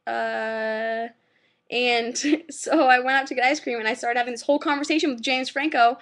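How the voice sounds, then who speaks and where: A young woman vlogging, retelling her dreams in a chatty, animated way, full of "like" fillers. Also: a little high, normal speed. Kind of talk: casual vlog storytelling.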